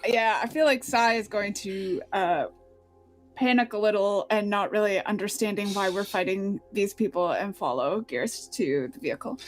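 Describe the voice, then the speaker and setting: A woman playing a tabletop game, speaking softly and a little hesitantly about her characters. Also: mid-range voice, normal speed, faint music behind. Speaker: player. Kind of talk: tabletop game play over a call.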